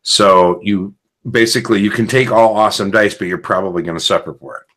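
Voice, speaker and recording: A low-pitched man hosts a podcast and rambles through loose, unscripted talk. He explains game rules in long, chatty stretches. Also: steady tone, a little fast, fairly bright tone. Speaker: podcast host. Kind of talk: casual rambling chat.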